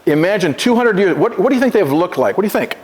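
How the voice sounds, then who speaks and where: A man with a high voice gives a talk to a class, stumbling over restarts and asking the room to repeat after him. A long reverb trails behind him in the school hall. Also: very animated, very fast. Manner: stammering restarts, questions to the class. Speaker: visiting Oneida presenter at a school. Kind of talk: classroom presentation with call-and-repeat.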